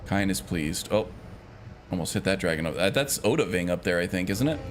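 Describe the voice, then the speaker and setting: A man's voice: low-pitched, animated, fairly quick, noisy background. A man streaming a game, talking casually and rambling with frequent fillers and little chuckles. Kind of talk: casual gameplay chat.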